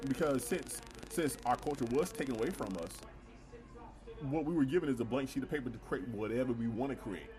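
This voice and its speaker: A man's voice: medium pitch, a little fast. A man co-hosting a casual chat show, talking earnestly, asking rhetorical questions and repeating words while he works out his point. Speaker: podcast co-host.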